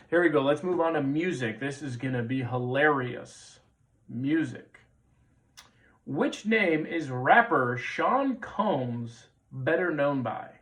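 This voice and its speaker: A man's voice: medium pitch, fairly bright tone. A man in his thirties hosting a trivia quiz, repeating questions with playful jokey asides. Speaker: trivia show host.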